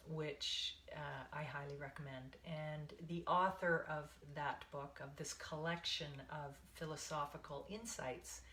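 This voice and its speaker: Slow, low-voiced woman guiding meditation. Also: slight background noise. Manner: calm, soothing, unhurried with soft breathy passages. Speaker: meditation teacher. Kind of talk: guided meditation. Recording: echoey room.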